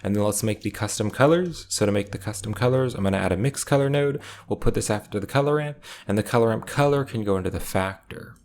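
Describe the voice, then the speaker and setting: A man narrating a step-by-step software tutorial in a calm, methodical way, explaining each click as he goes. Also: lowish voice, fast, hardly any pauses, slight background noise.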